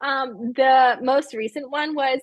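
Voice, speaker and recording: A woman's voice: high voice, slow pace, no echo, highs cut off. A woman in her thirties, a guest author in a casual interview over a video call, telling self-deprecating stories with frequent laughter. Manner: giggly, self-deprecating, animated storytelling.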